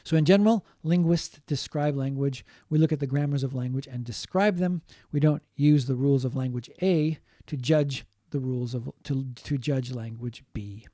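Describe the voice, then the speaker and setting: A man giving a linguistics lecture, explaining slowly, repeating key points and adding short Japanese glosses. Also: medium pitch, warm tone, no room sound, clean studio sound. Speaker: linguistics teacher. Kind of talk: online lecture.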